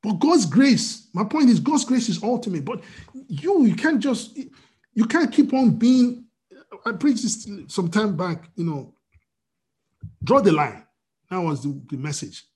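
A man's voice: sits high, sing-song, unhurried, darkish tone. A man preaching a sermon as pastor, asking the congregation rhetorical questions.

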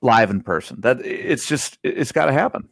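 A man's voice: mid-range voice, lively intonation, moderate pace, vocal fry, no room sound. A man co-hosting a casual podcast, joking around and repeating himself as he stumbles. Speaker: podcast co-host. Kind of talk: casual chat.

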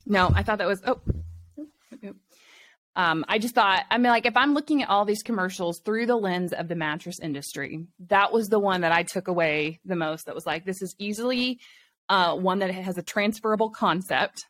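A woman's voice: medium pitch, normal speed, a bit bright. Woman cohost running the chat, short yeahs and i like thats, keeps it moving. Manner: keeps the talk moving, brief agreeing replies. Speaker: podcast co-host. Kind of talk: casual business chat.

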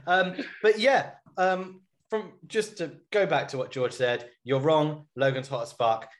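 A man's voice: on the high side, fairly even intonation, unhurried, a little hiss or hum. Joking, rambling male podcast host. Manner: joking, meandering, lots of fillers. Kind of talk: casual podcast chat.

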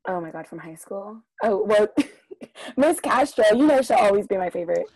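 A young woman in her twenties chatting casually, giggly and animated as she tells stories. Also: mid-range voice, moderate pace. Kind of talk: casual chat reminiscing. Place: outdoors in sun.

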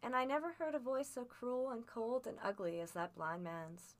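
A woman's voice: fairly high pitch, moderate pace. Woman reading a classic novel aloud. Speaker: audiobook reader. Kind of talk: storybook narration.

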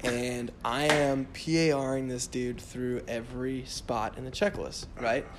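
A flight instructor chatting casually, an animated storyteller who laughs often and keeps saying dude. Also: male voice, mid-range voice, unhurried, background noise.

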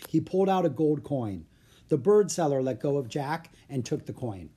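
A narrator reading a children's storybook aloud in an expressive way. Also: medium pitch, normal speed, breathy edge.

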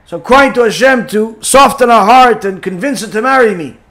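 A man's voice: brisk, a bit bright. A man voicing a desperate young yeshiva student who pleads in a raised, urgent voice. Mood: pleading. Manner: pleading, rising and pitched up.

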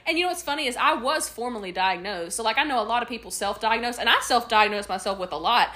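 A woman co-hosting a casual podcast, lively and quick to laugh and jump in. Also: a little high. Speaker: podcast co-host. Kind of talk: casual chat.

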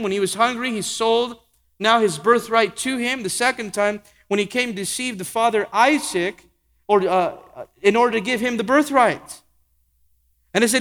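A man with a high voice delivers a sermon from a pulpit. He changes pace and volume for emphasis and hammers on repeated phrases, and his words ring out with long reverb through a large hall. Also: a bit bright. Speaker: pastor.

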